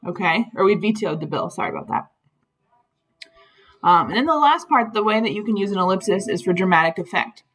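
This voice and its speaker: A woman's voice: mid-range voice, expressive, fast talker, few pauses, fairly bright tone, rough recording. A woman teacher talking through grammar slides in a patient, explanatory way, with frequent ums. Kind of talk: recorded slide lesson.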